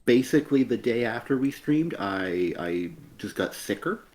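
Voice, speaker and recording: A man co-hosting a casual comic review stream, speaking softly in a slightly strained voice left over from an illness, rambling with lots of fillers. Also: mid-range voice, expressive, normal speed. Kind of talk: casual chat.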